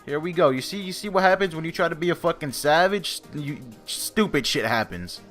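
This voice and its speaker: A young man tells a story to his viewers in a casual, animated way. He swears freely and pokes fun at himself, in a slightly high voice. Faint music plays behind him. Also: fairly quick. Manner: animated, profane, self-mocking. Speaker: vlogger.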